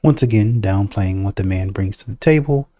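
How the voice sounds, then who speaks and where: A man's voice: fairly low pitch, normal speed, warm tone. A young man hosting a reaction video, rambling through argumentative rebuttals in casual commentary. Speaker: host reacting to clips.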